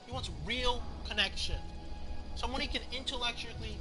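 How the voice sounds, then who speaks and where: High-voiced man ranting about a movie. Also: moderate pace, music in the background. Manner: profane, rambling, excited. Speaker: movie reviewer. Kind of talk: casual rant.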